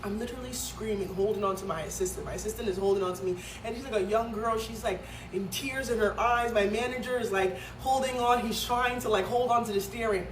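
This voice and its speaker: A woman's voice: fairly high pitch, fast talker, hardly any pauses, noisy background. A woman from Nigeria telling a story in a vlog, dramatic and emphatic, with many fillers. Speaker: vlogger. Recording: echoey room, mic at a distance.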